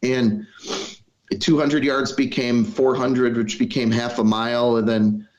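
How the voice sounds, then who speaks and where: A man's voice: mid-range voice, level tone, unhurried. A middle-aged man from Wisconsin, a podcast guest telling his own story in an earnest, reflective way with plenty of "you know" fillers. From Wisconsin, US Midwest. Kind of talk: personal storytelling in conversation. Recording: slightly dull, lo-fi audio.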